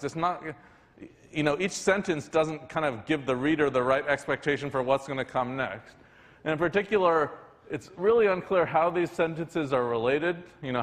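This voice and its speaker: A man giving a university lecture in a conversational way, often restarting his sentences. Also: on the high side. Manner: conversational, frequent restarts and fillers. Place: lecture hall. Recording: lecture hall with long reverb.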